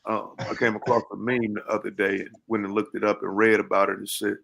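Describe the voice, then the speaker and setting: A man with a low, gravelly voice talks in a relaxed, hesitant way, pausing on fillers as he goes. He chats casually as one of the voices on a podcast panel. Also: rough recording. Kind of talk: casual chat.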